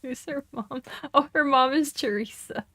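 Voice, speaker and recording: A woman's voice: high voice, a little slow, sharp tone, dry recording. A young woman streaming a game, chatting casually, giggling often and reading game text aloud.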